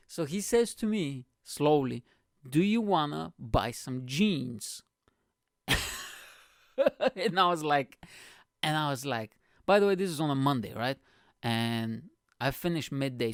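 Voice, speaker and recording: A man's voice: a little high, no echo, studio quality. A male comedian hosting his own show and telling a rambling, profane story, full of "you know" and "right?". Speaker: comedian host.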